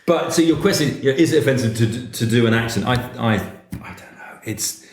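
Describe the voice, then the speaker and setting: A man giving casual advice on performing, animated and chatty. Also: mid-range voice, brisk, slight background noise. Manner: animated, chatty, slips into quoted voices. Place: cafe. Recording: echoey room.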